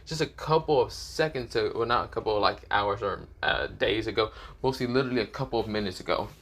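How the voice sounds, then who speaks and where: A man's voice: fairly low pitch, quick pace, fairly bright tone. A man casually narrating an improvised fan story, rambling with swearing. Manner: rambling, many fillers and restarts, swearing.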